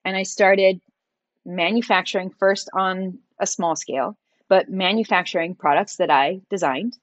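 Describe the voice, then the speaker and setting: Animated woman telling her story on a podcast. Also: medium pitch, normal speed, no echo. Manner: animated, acts out quoted dialogue in her stories. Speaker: podcast guest, entrepreneur and designer. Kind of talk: storytelling interview conversation.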